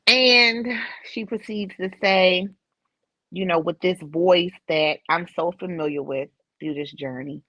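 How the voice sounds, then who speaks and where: A middle-aged woman, a podcast guest, telling a personal story in an emotional, animated way. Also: on the low side, slow, dry recording. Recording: slightly dull dry recording.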